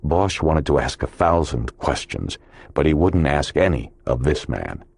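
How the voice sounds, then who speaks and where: A man with a very deep, low voice reads a crime audiobook in measured, scripted narration. The recording is dry and close, with no room sound. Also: sing-song, gravelly, a little mellow, slightly rough, no room sound.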